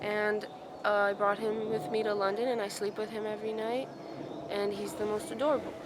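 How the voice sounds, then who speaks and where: A young woman chats into the camera in a soft, reflective, rambling way, often trailing off and correcting herself. She records outdoors in a forest. Clear forest ambience sits audibly behind her voice. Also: mid-range voice, flat delivery, brisk, noisy background. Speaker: vlogger. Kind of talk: casual vlog chat.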